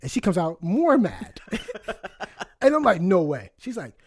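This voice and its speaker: A young man telling a story in a casual podcast chat, animated and profane, laughing often. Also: high voice, a little slow, husky, no room sound, studio quality. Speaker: podcast co-host.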